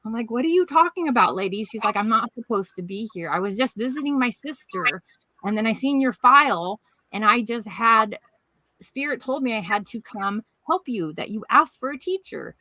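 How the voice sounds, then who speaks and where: A woman's voice: a little high, animated, normal speed, sharp tone, no echo, poor audio. A middle-aged woman from Washington State, telling a rambling personal story as a podcast guest and acting out the voices of people she quotes. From Washington State, USA. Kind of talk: casual storytelling chat.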